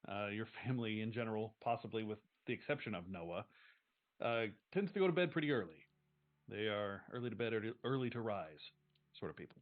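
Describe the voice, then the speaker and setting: A man narrating as game master of a tabletop game, relaxed and halting, with many fillers. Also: lowish voice. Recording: tinny phone-like stream audio with faint music.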